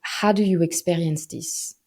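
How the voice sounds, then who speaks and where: A woman's voice: fairly low pitch, steady tone, unhurried, warm tone. A woman hosting an interview, asking empathetic questions that sum up what her guest said. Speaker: interviewer, host. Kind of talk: interview conversation.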